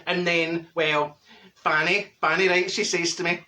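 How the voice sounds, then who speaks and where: A man doing a gossipy Glaswegian auntie, high-pitched. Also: flat delivery, a little slow, bright, forceful tone. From Glasgow, Scotland. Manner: gossipy, cackling, full of wee asides. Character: chatty gossiping middle-aged Glasgow woman, vain. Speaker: comedy character monologue. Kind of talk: comic character monologue.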